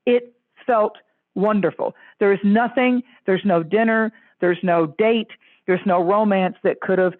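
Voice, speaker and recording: A woman astrologer, a guest, telling stories in an effusive, animated way and leaping into high voices when she quotes others. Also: dry recording. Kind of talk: animated storytelling chat. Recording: tinny phone-line audio.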